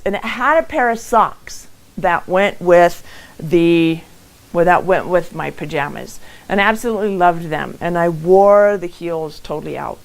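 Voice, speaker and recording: A middle-aged woman giving a motivational talk from her own home and telling stories with lively acted quotes. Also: lowish voice, clean tone, rough recording. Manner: animated storytelling with acted quotes. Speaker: motivational speaker hosting a live event. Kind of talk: live-streamed motivational talk.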